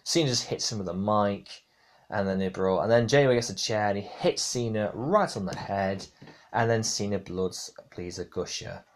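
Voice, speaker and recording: A man talks through a casual solo podcast in a somewhat low voice. He rambles and restarts his sentences, leaning on fillers as he goes. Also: normal speed. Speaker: podcast host. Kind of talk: casual wrestling review podcast.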